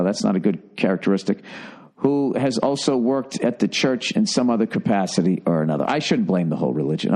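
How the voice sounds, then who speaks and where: Podcast host guy reading fan letters, mid-pitched, swears a lot, exasperated asides. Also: mellow. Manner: blunt, profane, exasperated asides. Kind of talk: reading listener letters with comments.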